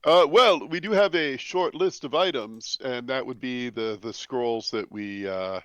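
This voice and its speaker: A man taking part as a player in a tabletop game, speaking in character with formal, courteous phrasing and halting fillers. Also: mid-range voice, a bit bright, dry recording. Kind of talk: in-character tabletop role-play. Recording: dry, slightly dull lo-fi audio.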